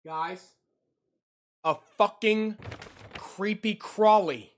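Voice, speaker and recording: A young man streaming live chats casually with his audience in a high voice, drawing out his words. He talks directly to chat, repeats himself, and gets spooked easily.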